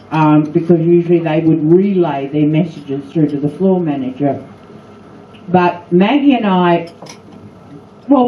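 A woman's voice: fairly low pitch, slight background noise. Older aussie lady telling cheeky stories, dull far-away recording. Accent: Australian. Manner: chatty, cheeky storytelling. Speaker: former cast member on a panel. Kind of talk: anecdotes at a fan luncheon. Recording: echoey room, far-off mic, dull sound.

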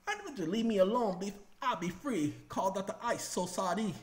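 A man's voice: high voice, expressive, moderate pace, reverberant, voice pushed up. A man voicing a playful male alter ego that babbles in a singsong way. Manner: singsong, babbling nonsense rhymes.

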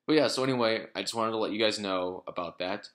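Rambling low-voiced man vlogging. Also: brisk, a bit bright. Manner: rambling, swears freely, many fillers and restarts. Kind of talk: casual talking-head vlog.

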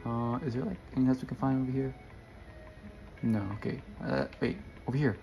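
A man's voice: mid-range voice, steady tone, a little fast, gravelly, dark tone, soft background music. A young man giving casual, rambling gameplay commentary and chatting to his viewers. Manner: rambling, self-correcting, addresses viewers. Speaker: gamer.

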